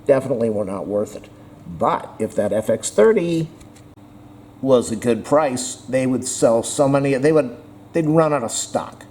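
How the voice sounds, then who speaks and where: A man's voice: medium pitch, darkish tone, slight background noise. Blunt, sarcastic man ranting to camera. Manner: sarcastic and blunt, rambling with restarts. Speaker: vlogger reviewing a camera. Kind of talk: casual opinionated rant.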